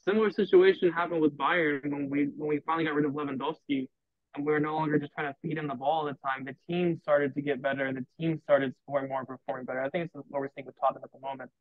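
A man on a chat panel, making his case quickly and at length. His voice is a touch high. He comes through a thin, phone-like line. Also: no echo. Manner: reasoned, argues a point at length.

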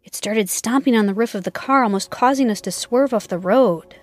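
A woman narrating a first-person scary camping story in a measured storytelling voice. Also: a little high, darkish tone. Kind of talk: scripted narration.

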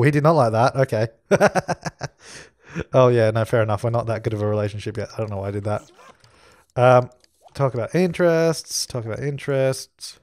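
A man talks his way through a life-sim game, chatting as he goes and telling his characters what to do. His voice sits at an ordinary middle pitch. The sound is dry and close, with no room around it. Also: normal speed, a little mellow, dry recording. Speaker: let's play host. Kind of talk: casual gameplay commentary.

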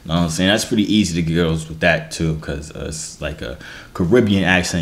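Animated joking young guy vlogging. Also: on the low side, fast talker, echoey room. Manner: animated, joking, self-mocking, slangy. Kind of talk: casual vlog chat.

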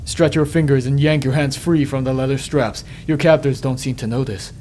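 A man hosting a let's play, reading game text aloud in a measured, dramatic way and adding his own commentary. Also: fairly even intonation, darkish tone, slight background noise. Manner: measured dramatic reading, dropping low and slow on ominous lines.

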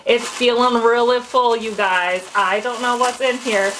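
A woman chatting to viewers while unboxing, gushing and excitable and squealing with delight. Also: fairly high pitch, unhurried, background noise. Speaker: unboxing vlogger. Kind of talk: casual unboxing chat to viewers.

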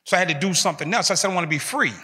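A man's voice: high voice, expressive, rapid-fire, pushed and bright. A man, giving an emphatic motivational talk built on repeated short phrases. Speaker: speaker giving a talk to prisoners. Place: large hall in a prison. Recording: long reverb of a large hall.

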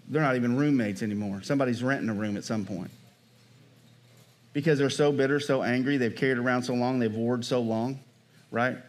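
Speaking in a mid-range voice, a male pastor delivers a conversational sermon. He frequently turns to the congregation with questions like "Amen?" and "right?"

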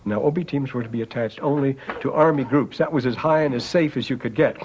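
A man's voice: medium pitch, fast talker, slight background noise, rough recording. Older man telling war stories. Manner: animated storyteller, chuckles while talking. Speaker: interviewee. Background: music score.

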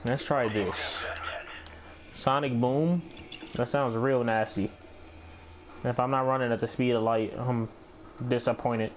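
A little slow and pausing often, this gamer and channel host speaks in a steady, mid-range voice with a slight hiss or hum on the recording. Backed by music, he mutters, swears, and runs himself down while playing.

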